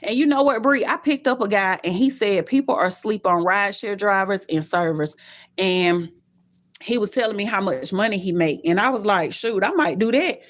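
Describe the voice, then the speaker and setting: Animated woman, blunt streamer. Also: moderate pace. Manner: animated storytelling with blunt cussing and sudden pitch jumps. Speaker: live-streaming creator. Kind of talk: live stream chat with viewers.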